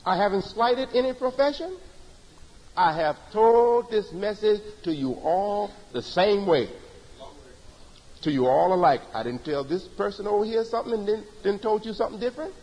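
Husky high-voiced man preaching in a hall. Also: animated, moderate pace, a little mellow. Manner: emphatic, repetitive preaching cadence. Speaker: religious teacher. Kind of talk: sermon-style lecture.

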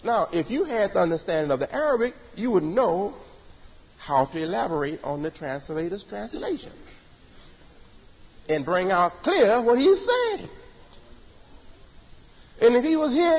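A man's voice: extremely high pitch, big pitch swings, moderate pace, pauses often, in a large hall, low-quality recording. A man giving a sermon-style religious lecture, emphatic and repetitive in his preaching cadence. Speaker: religious teacher.

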